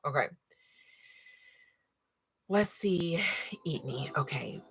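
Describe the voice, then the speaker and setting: A woman giving live tarot readings to viewers, excitable and thinking aloud as she turns cards. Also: low voice, slow, pauses often, a little hiss or hum, rough recording. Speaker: tarot reader.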